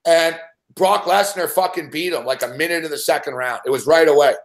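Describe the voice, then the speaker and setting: Excitable male host with a fairly high voice, rambling and profane. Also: fairly quick. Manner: swears constantly, rambling and excitable. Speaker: sports betting show host. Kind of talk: profane casual storytelling.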